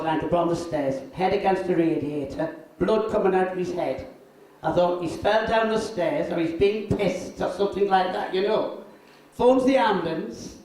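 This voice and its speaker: An older man, a drag performer telling crude, deadpan anecdotes on stage. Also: high-pitched, slight background noise. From North East England. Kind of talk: bawdy stand-up storytelling. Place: live show venue. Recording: echoey room, from far off.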